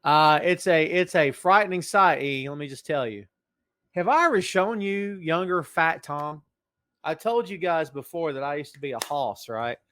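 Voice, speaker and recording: A man with a fairly high voice hosts a casual livestream podcast, joking with his viewers and calling out their names as they come in. His delivery is animated and playful. The sound is dry and close to the mic. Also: normal speed, dry recording. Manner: animated, jokey, greets chat by name. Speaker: podcast host.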